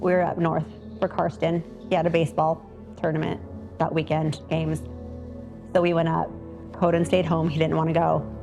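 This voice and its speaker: A woman's voice: sits low, monotone, moderate pace, vocal fry, mellow, lo-fi sound, soft background music. A woman in a documentary interview, retelling events and acting out what people said. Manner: retells events with quoted dialogue.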